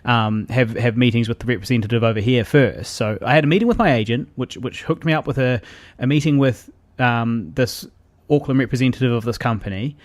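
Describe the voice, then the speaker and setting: A man's voice: mid-range voice, brisk, no echo. Young New Zealand man, casual rambling chat, giggly, dry booth sound. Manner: rambling, laughs often, acts out quotes. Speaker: actor guest on a podcast.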